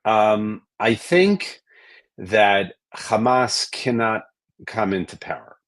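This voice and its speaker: A man, a rabbi, answering interview questions in a measured way, often hedging with "um" and "I think". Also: on the low side, fairly bright tone, no room sound. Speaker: rabbi, guest.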